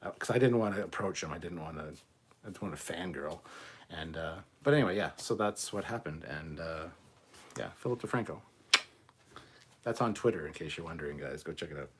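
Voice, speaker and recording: A man's voice: low voice, animated, a little fast, a little hiss or hum. A man hosting a live stream, drinking rum and reading viewer comments in casual chat, swearing freely as he rambles through stories. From Canada.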